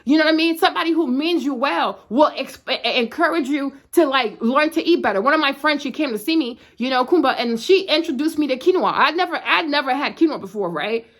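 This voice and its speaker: A vlogger in her thirties talks directly to camera, blunt and emphatic, often asking "you know what I'm saying." Her high voice has lively intonation, and she speaks briskly with few pauses.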